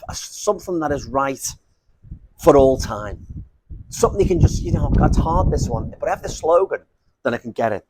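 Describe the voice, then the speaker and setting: A man's voice: mid-range voice, darkish tone, a little hiss or hum, rough recording. A man giving an informal lecture, rambling and self-interrupting, with jokey asides.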